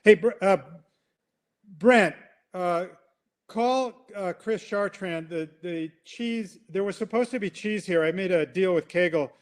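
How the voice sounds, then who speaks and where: Guy doing a squeaky panicky rat, all worked up and complaining about its missing cheese. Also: measured pace. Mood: indignant panic. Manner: frantic, indignant complaining. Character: panicked entitled rat demanding its cheese back.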